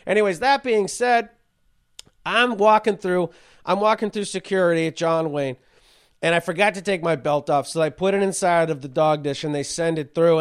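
Profane ranting man, high voice. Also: clear, resonant tone. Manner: profane, ranting, with shouted outbursts. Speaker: podcast host. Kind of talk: comedic rant and storytelling.

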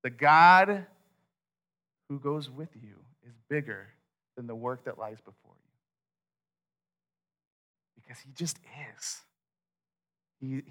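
A man preaching a sermon, retelling a story with animated asides and acted-out quotes. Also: medium pitch. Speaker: pastor.

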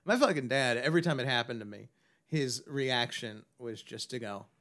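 A man in casual comedic chat, telling stories with quick asides and some swearing. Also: mid-range voice, fairly bright tone.

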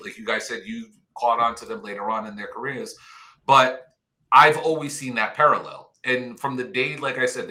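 A man's voice: medium pitch, bright, forceful tone. A man talking casually on a podcast, rambling with lots of "you know" and fan enthusiasm. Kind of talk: casual chat.

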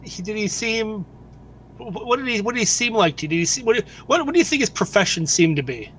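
Man, high voice, casual, rambling questions, tabletop game player. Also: lively intonation, a little fast, a bit bright, slight background noise.

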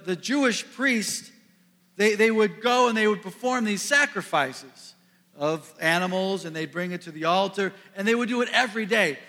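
A pastor from the Midwest preaching a sermon to a congregation, earnest, building to emphatic peaks and dropping soft. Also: male voice, high-pitched. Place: church sanctuary. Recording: long reverb of a large hall.

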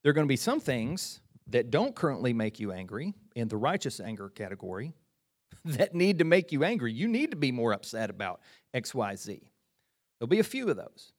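A middle-aged man preaching a sermon in a conversational, animated way, often repeating phrases and restarting sentences. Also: medium pitch, brisk. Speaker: pastor.

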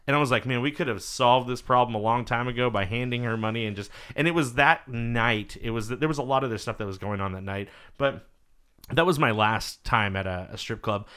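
Speaking briskly in a clear, resonant, medium-pitched voice, a male podcast host tells stories conversationally. He's an animated storyteller who swears without holding back and acts out quotes.

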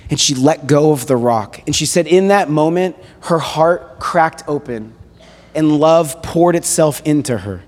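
Male guest preacher, casual storytelling sermon, raised pitch, long hall echo. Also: a little slow. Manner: conversational, animated retelling with casual fillers. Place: church hall. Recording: echoey hall reverb.

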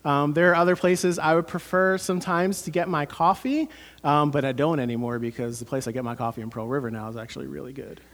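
A man's voice: a little high, fast. A man, preaching a sermon as pastor, earnest and conversational with many fillers.

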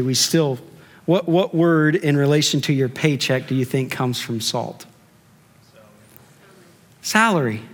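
A man pastor preaching a sermon in a conversational way, with rhetorical questions and drawn-out emphasis. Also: fairly high pitch. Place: church sanctuary. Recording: long church reverb.

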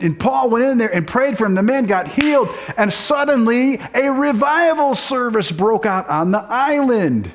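Pastor, man, fairly high husky voice, earnest preaching. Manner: impassioned preaching, then quieter and earnest. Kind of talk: sermon.

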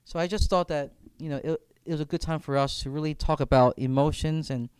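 A man's voice: a little high, steady tone, brisk, a little mellow, clean tone, dry recording. A man leading a reflective faith discussion as campus minister, speaking earnestly and often repeating words as he thinks aloud.

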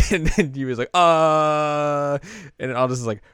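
A man's voice: mid-range voice, quick pace, no room sound, clean studio sound. A man chatting casually as a podcast co-host, retelling a story animatedly and raising his voice for the characters he quotes. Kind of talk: casual chat recapping an anime.

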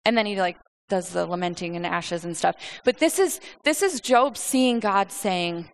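A woman's voice: medium pitch, animated, normal speed. A woman giving earnest Bible teaching, often repeating and restarting her words as she explains.

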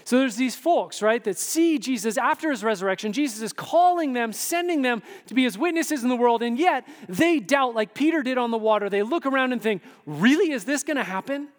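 A man pastor giving an animated sermon, often asking the room "right?" and acting out quotes. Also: very high-pitched, brisk, few pauses. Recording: long hall reverb.

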